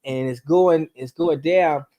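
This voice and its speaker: A man telling a true story as a podcast guest, acting it out with sound effects and speeding up and rising in pitch when the tension builds. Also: slow pace. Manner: animated storyteller, acts out voices and gunshots; speeds up and rises in pitch at tense moments.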